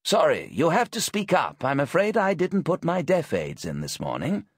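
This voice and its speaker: An audiobook narrator performs a frail, croaky gentleman in his late sixties who is hard of hearing, genially rambling about old motorbikes in a fussy, polite way. The exaggerated, husky voice sits high, well above the performer's own, with wildly swooping pitch at a moderate pace. It's recorded close on a dry mic with no echo.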